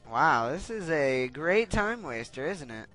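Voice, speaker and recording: A man's voice: a little high, very animated, measured pace, bright, forceful tone, faint music behind. A young man commenting on his gameplay in a casual, irritated way, swearing and rambling. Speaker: let's play gamer.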